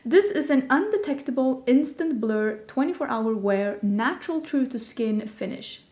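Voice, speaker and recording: Chatty woman doing a casual beauty vlog, rambles a lot, kinda high voice. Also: animated, moderate pace, darkish tone. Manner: chatty and rambling, with self-deprecating asides. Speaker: beauty vlogger host. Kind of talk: casual chat.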